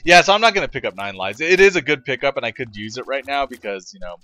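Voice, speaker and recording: A man's voice: medium pitch, expressive, fast talker, bright, forceful tone, no room sound, soft background music. A man from the United States chatting to viewers while playing a game, rambling with lots of fillers and restarts. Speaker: let's play gamer. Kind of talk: casual gameplay commentary.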